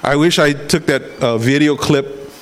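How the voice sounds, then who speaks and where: Man, middle-aged, sermon, conversational, a bit high-pitched. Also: unhurried. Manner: conversational preaching with acted-out quotes. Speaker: pastor.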